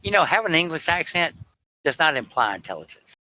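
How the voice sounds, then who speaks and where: A man's voice: on the high side, big pitch swings, quick pace, bright, forceful tone, slight background noise, low-quality recording. A man arguing heatedly on a voice chat, combative and sarcastic, swearing as he presses his point. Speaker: participant in a voice chat argument.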